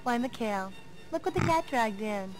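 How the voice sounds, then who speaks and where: A woman's voice: on the high side, expressive, moderate pace, over music, natural voice. An actress playing a catty, sweetly sarcastic young woman in a 1990s game video. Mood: mocking.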